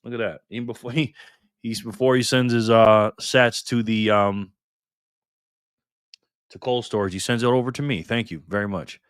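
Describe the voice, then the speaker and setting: A man's voice: on the low side, unhurried, long pauses, no room sound, studio quality. A man hosting a casual live stream, upbeat and chatty as he reads out viewer names and thanks them one by one.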